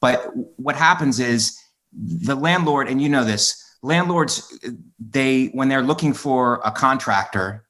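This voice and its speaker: A man hosting a casual podcast, speaking at a middle pitch in an everyday voice. He rambles through his story and loops back to recount what other people said. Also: animated, takes it slowly, a bit bright. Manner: rambling storyteller who recounts quoted exchanges. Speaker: podcast host.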